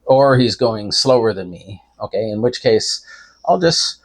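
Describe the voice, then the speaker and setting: A man's voice: on the low side, expressive, a little slow. An older man talking in a folksy, rambling way, giving preachy advice from inside a car. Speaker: vlogger. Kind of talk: casual rambling talk to camera.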